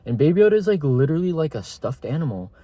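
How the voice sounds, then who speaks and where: A man's voice: a little high, big pitch swings, racing, dark tone. A young man giving a casual, rambling spoken review of a TV season, slangy and full of filler words. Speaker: TV show reviewer.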